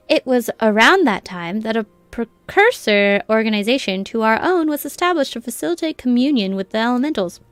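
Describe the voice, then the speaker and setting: A woman's voice: fairly high pitch, a bit bright, no room sound. A woman reading the lines of a welcoming, long-winded guild lecturer aloud from a game, in a chatty lecturing way.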